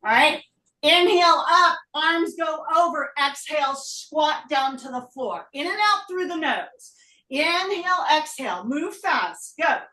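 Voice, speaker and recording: A woman teaching a live yoga class, out of breath, calling breath and pose cues with brisk energy. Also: high-pitched, expressive, pushed and bright. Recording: roomy echo, voice from a distance.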